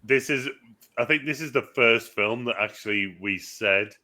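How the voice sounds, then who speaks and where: Guy on a movie review podcast, bright tense voice, rambly and sweary. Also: mid-range voice, normal speed. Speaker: podcast co-host, film reviewer. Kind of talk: casual chat.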